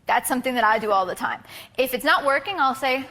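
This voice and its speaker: A woman leads a casual, chatty photography workshop for a live group, full of fillers and restarts. Her high voice is expressive, fast and sharp-toned, captured in a reverberant hall.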